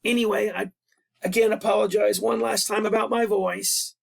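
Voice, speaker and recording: Hoarse, gravelly teacher explaining grading. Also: male voice, high voice, little pitch movement, normal speed. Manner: plain, patient explaining with asides. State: hoarse, worn-out voice. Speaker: history teacher. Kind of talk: recorded classroom lesson over a screen. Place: at a computer, voice-over.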